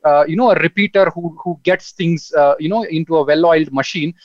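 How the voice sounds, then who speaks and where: A man's voice: a little high, a little fast, no echo, lo-fi sound. A man speaking as a panel guest in a casual online discussion, hesitant and full of fillers.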